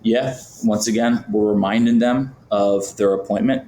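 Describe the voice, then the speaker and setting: A man's voice: on the low side, steady tone, moderate pace, hardly any pauses, mellow, slight background noise. A man from Florida, a podcast guest talking casually with lots of fillers and acting out sample phone calls. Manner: chatty, many fillers, acts out phone calls. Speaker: podcast guest, business founder. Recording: roomy, faint background ambience.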